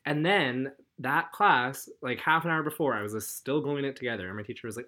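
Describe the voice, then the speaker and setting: A man's voice: mid-range voice, fairly quick, hardly any pauses, bright, forceful tone. A young man, a college student, telling a story in a casual chat with friends, laughing often and acting out the people he quotes. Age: young adult. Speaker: podcast co-host.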